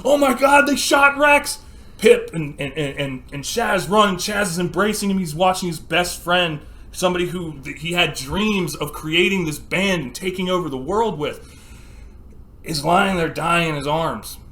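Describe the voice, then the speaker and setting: Podcast guy telling a story, bright voice, cusses a lot, jumps into shouting bits. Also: fairly high pitch, normal speed. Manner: animated storyteller, acts out scenes with sudden shouts; swears freely. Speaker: podcast co-host. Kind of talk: casual chat.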